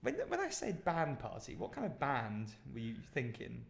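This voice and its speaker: A man's voice: medium pitch, wildly swooping pitch, normal speed, creaky. Chatty British guy with a roomy echo. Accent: British English. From Britain. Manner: rambling storyteller with many fillers. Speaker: podcast co-host. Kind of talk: casual chat.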